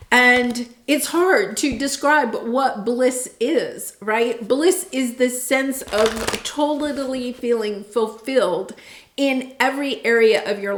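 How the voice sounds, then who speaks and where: A woman giving an intuitive tarot reading, earnest and meandering, heartfelt in her delivery. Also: a little high. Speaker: tarot reader. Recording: roomy echo.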